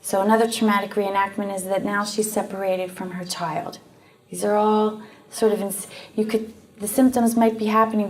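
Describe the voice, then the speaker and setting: A woman's voice: mid-range voice, a little mellow. Earnest Canadian woman telling a story. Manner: earnest, explanatory, with frequent fillers. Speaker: guest speaker on post-abortion trauma. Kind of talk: conversational storytelling.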